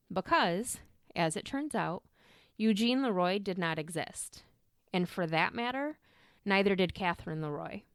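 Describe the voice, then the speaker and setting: Young woman podcaster, chatty true crime storytelling, smooth clear voice, dry close sound. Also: mid-range voice, dry recording. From Michigan. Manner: chatty, swears, goes off on tangents. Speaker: podcast host.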